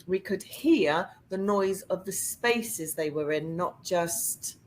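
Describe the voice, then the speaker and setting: A woman, a psychic medium, chatting casually and animatedly, often laughing and jumping up into a high voice to act out quotes. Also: slow, slight background noise. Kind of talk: casual storytelling chat.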